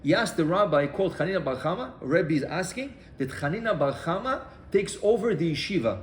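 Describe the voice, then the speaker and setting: A man gives a Torah class, slipping into the voices of the people in his story with lively restarts. His voice sits a little high for a man. The room is echoey, with a faint hum of ambience behind him. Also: a little fast. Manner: animated storyteller acting out dialogue, many restarts. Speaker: rabbi.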